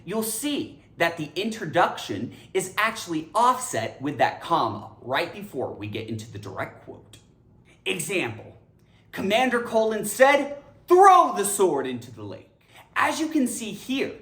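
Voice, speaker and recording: A woman teaching English grammar, upbeat and emphatic in a teacherly way. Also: lowish voice. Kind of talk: educational explainer. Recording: echoey room.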